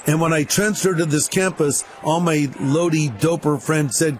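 A man's voice: fairly high pitch, moderate pace, slight background noise. A man preaching a personal testimony, telling the story vividly and acting out what people said. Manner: storytelling, acts out quotes.

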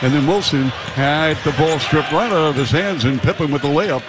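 This is a male basketball play-by-play announcer whose voice sits a little high and pushes to a shout when the action peaks. He calls each possession fast and punchy. The broadcast carries steady arena noise behind him. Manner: rapid, punchy calls that rise to shouts on big plays. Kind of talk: live basketball commentary.

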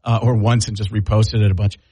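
A man's voice: on the low side, little pitch movement, quick pace, warm tone, breathy edge, no room sound. A man, a comedian and impressionist, chatting casually in an interview, rambling with restarts. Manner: rambling, with restarts, slipping into voices.

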